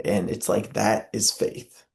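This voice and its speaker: A man's voice: lowish voice, steady tone, slow pace, creaky. A young man, speaking as an interview guest in an earnest, preacherly way with many filler "uh"s. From Southern US. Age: young adult. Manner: impassioned, preacherly, frequent filler "uh".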